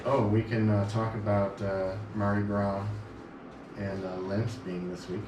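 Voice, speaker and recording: A man's voice: lowish voice, little pitch movement, a little slow, echoey room, far from the mic, noisy background. A man co-hosting a local radio talk show, joking and laughing a lot as he banters with his co-host and guest. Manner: jokey, laughs often. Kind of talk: casual banter. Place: radio studio.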